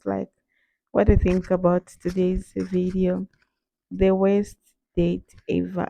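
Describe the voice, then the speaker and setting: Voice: mid-range voice, vocal fry, dark tone, no echo. A commentator giving chatty video commentary, speaking straight to viewers.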